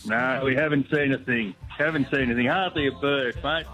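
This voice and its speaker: A man's voice: medium pitch, brisk, lo-fi sound, soft background music. An older Australian man calling in from a tug at sea, laid-back and friendly, calling the host mate again and again. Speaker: caller.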